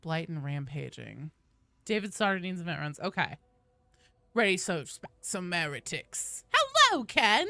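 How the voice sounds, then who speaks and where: A woman game streamer chatting casually and excitedly on a live stream, greeting viewers by name as she plays. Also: on the low side, measured pace, gravelly, no room sound.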